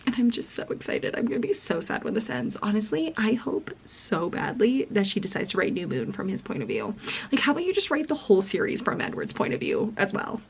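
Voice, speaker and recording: A woman's voice: medium pitch, sing-song, a little fast, gravelly, slight background noise. A young woman chatting casually in a reading vlog, gushing and giggly, full of "like" and often dropping into a whisper. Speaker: book vlogger.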